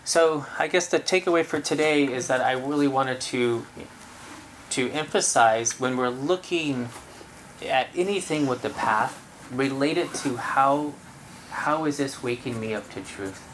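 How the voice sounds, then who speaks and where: Meditation teacher, relaxed and chatty, addressing a roomful of people in a dharma talk. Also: medium pitch, unhurried, slight background noise, rough recording. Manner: relaxed, conversational, laughs easily. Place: room with about thirty people.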